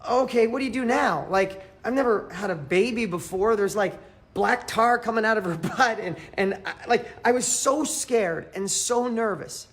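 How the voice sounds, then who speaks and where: A man coaching a live audience in a motivational training, emphatic and fervent, repeating phrases for emphasis and swinging between loud and quiet. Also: high voice, measured pace. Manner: fervent, emphatic, pep-talk delivery.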